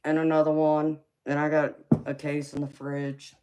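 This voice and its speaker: A woman's voice: low-pitched, completely flat delivery, normal speed, warm tone, clean tone. A woman from Los Angeles with a Southern accent, chatting casually on a live stream and answering viewers' comments. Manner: chatty, laughs often, reads out viewer comments. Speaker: tarot reader streamer.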